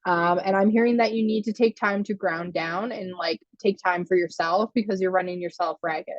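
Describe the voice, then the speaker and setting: A woman's voice: lowish voice, steady tone, moderate pace, no room sound, dull audio. A woman giving a chatty live tarot reading, laughing often and answering viewer comments as she goes. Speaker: tarot reader.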